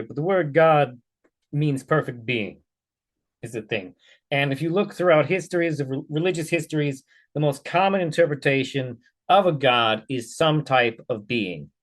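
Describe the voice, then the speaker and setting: A man hosting a reaction video, talking bluntly and swearing freely in casual commentary. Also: fairly high pitch.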